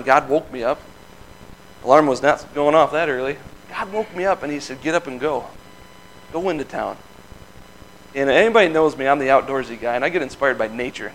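A man in his thirties from the Midwest giving an informal testimony at a church, telling a story in an earnest, folksy way with quick laughs. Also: a little high, fairly bright tone, a little hiss or hum, poor audio. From Michigan. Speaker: lay speaker giving testimony.

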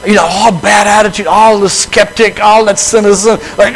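Animated man preaching a casual sermon. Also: sits high, slight background noise, low-quality recording. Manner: conversational, animated, acts out quick dialogue.

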